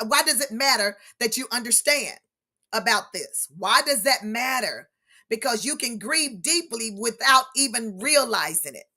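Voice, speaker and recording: Bright, emphatic American woman teaching. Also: on the high side. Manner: emphatic, repeats key points to the audience. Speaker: grief educator. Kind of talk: presenting a grief seminar.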